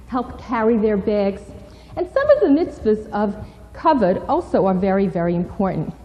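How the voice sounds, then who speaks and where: A woman giving a parenting lecture to teens, lively and instructive, slipping into role-play. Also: medium pitch, normal speed, lo-fi sound. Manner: animated, warm, instructive. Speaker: parenting speaker. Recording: long reverb in a hall.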